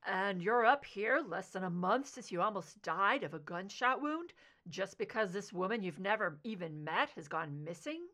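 A woman reader voicing a gentle, concerned male friend who talks in a measured, probing way. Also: medium pitch, animated. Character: gentle, concerned man, old family friend.

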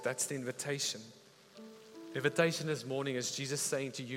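A man preaching a sermon, retelling a story with animated, emphatic delivery. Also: mid-range voice, a little fast. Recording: reverberant hall with faint music.

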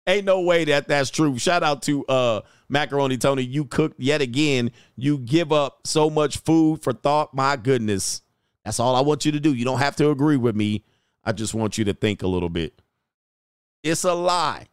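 A man's voice: medium pitch, normal speed, smooth, no room sound. Joking, slangy male coach, dry close sound. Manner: joking and mocking, slips into playful impressions and laughs often. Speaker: dating coach and show host. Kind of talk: casual livestream commentary reading viewer comments.

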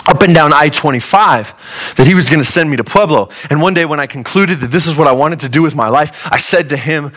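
A man preaching a sermon in an earnest, conversational way, his voice sitting a little higher than most men's. He is from Colorado and moves from easy asides into emphatic, rising lines and then drops low again. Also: fairly quick. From Colorado, USA. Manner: earnest, conversational preaching with wide swings in pitch and loudness. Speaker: pastor.

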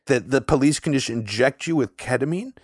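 A man co-hosting a podcast, talking in long casual runs full of "like" fillers and getting animated when something shocks him. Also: medium pitch, a little fast, husky, dry recording, clean studio sound. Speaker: podcast co-host. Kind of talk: casual conversational podcast chat.

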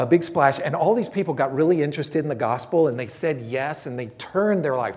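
A man's voice: fairly high pitch, darkish tone. A man preaching a sermon as a pastor, conversational and storytelling, voicing quotes from people he talks about.

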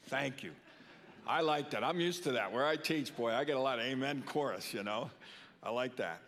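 A man's voice: medium pitch, moderate pace, fairly bright tone. An older man preaching a sermon in a church, earnest, often repeating words for emphasis. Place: church sanctuary. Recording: long reverb of a church hall.

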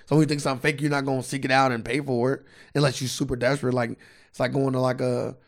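Gravelly-voiced man on a podcast. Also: medium pitch, little pitch movement, fast. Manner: loose, profane, reads news aloud. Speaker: podcast co-host. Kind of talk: casual podcast chat.

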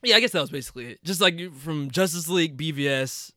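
A young man co-hosting a casual podcast chat, opinionated and animated, swearing and laughing often. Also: a little high, fast, no echo, clean studio sound. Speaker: podcast co-host. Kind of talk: casual chat about superhero movies.

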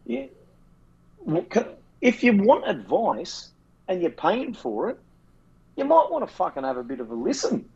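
An Australian man co-hosting a casual footy podcast, telling sweary, animated stories and mimicking his mates. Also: high-pitched, measured pace, pauses often, husky, highs cut off. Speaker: podcast co-host.

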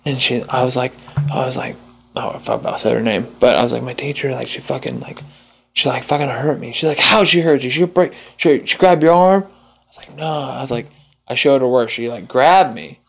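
A young man telling a personal story in casual chat, rambling with lots of fillers and swearing, jumping up in pitch to act out the people he quotes. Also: fairly even intonation, fairly quick, vocal fry, slightly rough. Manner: acts out quoted voices with big jumps in pitch. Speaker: podcast guest.

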